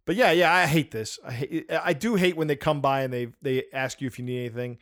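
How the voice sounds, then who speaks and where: A man's voice: medium pitch, brisk, a bit bright. A middle-aged man co-hosting a podcast in casual chat, telling stories and laughing often. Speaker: podcast co-host.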